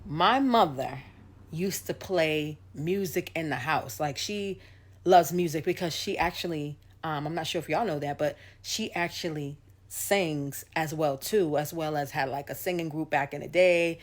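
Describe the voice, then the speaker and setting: A woman's voice: deep voice, a little slow. A woman singer telling a story to her viewers in a casual, chatty way, acting out the voices of the people in it.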